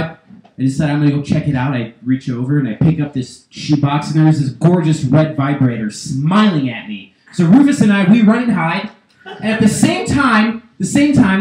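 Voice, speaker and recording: A man doing a stand-up comedy set on a small club stage, his voice pitched high for a man. He rambles loosely, drifting into digressions and catching himself. The handheld mic picks him up in an echoey club room. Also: lively intonation, normal speed, a little mellow. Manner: loose, rambling delivery with self-interrupting digressions.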